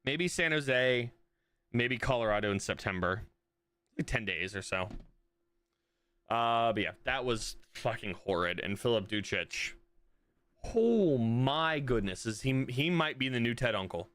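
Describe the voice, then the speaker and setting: A man's voice: medium pitch, lively intonation, normal speed, pushed and bright, clear, resonant tone, no room sound. Profane, ranting male streamer, dry sound. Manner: exasperated, profane ranting to viewers. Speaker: streamer reacting to a soccer match. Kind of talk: live stream reaction rant.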